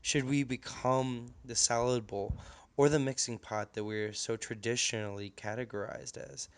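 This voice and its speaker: A man giving a class presentation in an earnest, slightly halting way. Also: mid-range voice, steady tone. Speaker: student presenter.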